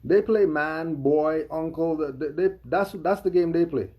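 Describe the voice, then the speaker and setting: A man's voice: a little high, measured pace, lo-fi sound. A man giving emphatic livestream commentary, firing off rhetorical questions.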